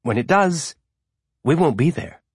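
A man's voice: fairly high pitch, expressive, husky, no echo, studio quality, pitched above the performer's own voice, full character voice. A man voicing a resolute, pragmatic woman ship captain who speaks firmly and plainly. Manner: firm, measured, plain-spoken.

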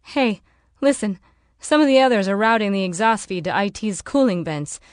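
A woman's voice: medium pitch, expressive, normal speed, dry recording, lightly acted. A woman voicing an anxious woman speaking to a friend on a radio, eager and worried.

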